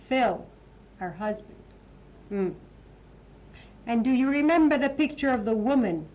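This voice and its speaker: Slow, expressive woman teacher. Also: fairly high pitch, rough recording. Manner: chatty, warmly explaining, slips into Italian to translate. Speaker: English teacher hosting the lesson. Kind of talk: casual classroom teaching.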